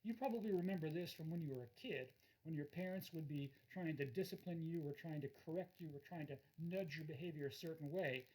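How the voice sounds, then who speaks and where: A man's voice: on the high side, fairly quick, hardly any pauses, a little mellow, poor audio. A man lecturing in a recorded course, explaining ideas through everyday examples and acting out the quoted lines.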